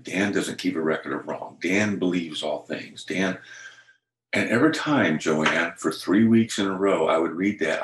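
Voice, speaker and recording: A man's voice: deep voice, reverberant, low-quality recording. An older man, a pastor, earnestly telling a personal faith story in conversation. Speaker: pastor, interview guest.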